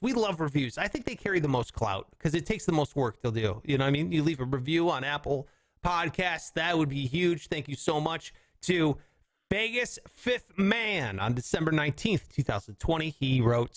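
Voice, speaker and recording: A man with a Southern drawl hosting a comedy podcast, his voice pitched high and swinging all over the place. He keeps breaking into goofy bits and silly put-on voices as he chats. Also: a bit bright, no room sound. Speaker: podcast host. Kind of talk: comedic casual chat.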